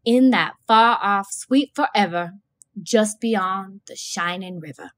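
A woman reading aloud, voicing a man who leads a church song by chanting each line slowly. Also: medium pitch, natural voice. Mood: solemn. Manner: slow, drawn-out chanting. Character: church song leader man lining out hymn verses.

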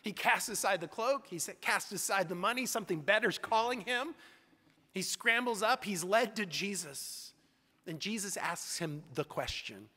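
Bright, high-voiced preaching man. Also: animated, moderate pace. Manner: emphatic preaching with repeated, building phrases. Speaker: pastor. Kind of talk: sermon. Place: church sanctuary. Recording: echoey church sanctuary.

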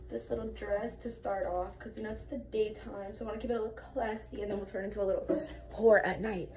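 A woman's voice: medium pitch, fairly even intonation, fast talker, background noise. A young woman chatting casually to camera in her vlog, talking straight to her viewers and now and then dropping into a whisper. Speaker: vlogger. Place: home and club dressing room.

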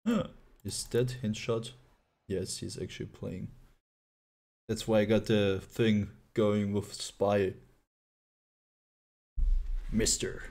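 A man's voice: on the low side, fairly even intonation, slow pace, gravelly, pauses often, darkish tone. A man streaming live gameplay, playfully chatting with viewers and laughing often.

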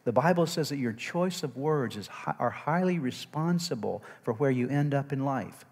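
A male pastor preaching a sermon. He engages the congregation with call-and-response checks and swings from loud, emphatic preaching to quiet asides. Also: medium pitch, expressive, normal speed, husky. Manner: call-and-response, frequent "amen?" and "okay?" checks. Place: church sanctuary. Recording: long reverb of a large church hall.

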